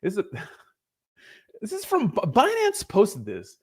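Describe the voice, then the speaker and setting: A man's voice: high voice, huge pitch swings, slow pace, slightly rough. A young man hosts a casual livestream and rambles loosely to his viewers. He swears freely, jokes with the chat, and drifts from topic to topic in an easygoing, unscripted way. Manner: rambling, profane, joking with chat. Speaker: crypto livestream host.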